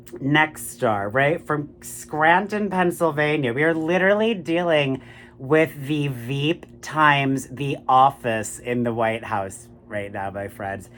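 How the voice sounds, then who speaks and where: A man with a fairly high, slow voice delivers a ranting political monologue over a slight hiss or hum. He's animated and profane, swearing heavily and repeatedly turning to the listener with "my friends, right?"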